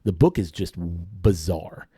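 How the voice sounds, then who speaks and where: A man with a fairly low, mellow voice chats casually as a podcast co-host. He rambles in a relaxed way, padding his talk with fillers. The recording is close and dry. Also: unhurried, breathy edge, no room sound. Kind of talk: casual chat.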